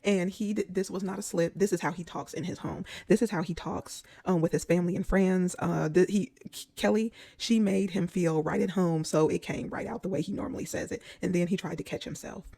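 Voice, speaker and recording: Gravelly, husky woman giving blunt commentary. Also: fairly low pitch, steady tone, warm tone. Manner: blunt, unhurried, wry asides. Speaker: commentary vlogger. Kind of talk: casual commentary to camera.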